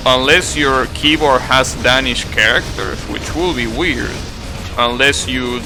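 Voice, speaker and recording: Young male streamer, casual chat, unhurried delivery, keeps correcting himself, loud music behind. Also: mid-range voice. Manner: rambling, self-correcting, swears casually, laughs at own jokes.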